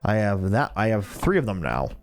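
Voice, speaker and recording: Young guy streamer rambling and cussing a lot, pitch jumps all over, faint music behind. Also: big pitch swings, moderate pace. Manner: rambling, heavy swearing. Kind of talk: casual chat while gaming.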